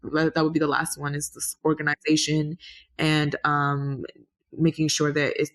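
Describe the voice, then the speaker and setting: A woman's voice: low-pitched, vocal fry. A woman answering interview questions in an earnest, meandering way, restarting her sentences and rising in energy when she makes a point. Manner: rises animatedly when making a point. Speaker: podcast guest.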